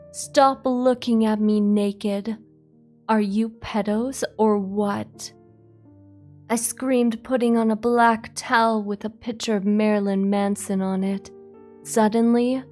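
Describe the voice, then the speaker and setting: Slow, deadpan woman reading aloud. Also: medium pitch. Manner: deadpan with sarcastic asides. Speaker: virtual streamer reading aloud. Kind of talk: comic dramatic reading of a fan fiction.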